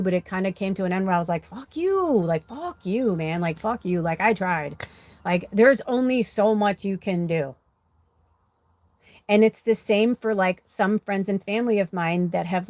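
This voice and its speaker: Woman medium just venting mid card reading, swears a lot, says like a lot, repeats stuff for emphasis, normal pitched voice. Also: a little mellow, no room sound. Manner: blunt and profane, with frequent "like" and "you know"; emphatic, repeating phrases for effect. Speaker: spiritual medium and card reader. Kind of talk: candid personal monologue during a card reading.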